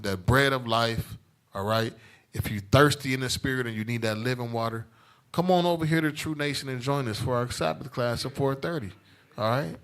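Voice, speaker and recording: A man leads a Bible class in an emphatic preaching style. He repeats his points for weight and keeps asking the room "all right?" His voice sits at a middle pitch. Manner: emphatic, repetitive, calls for responses, tag questions. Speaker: teacher leading a scripture class.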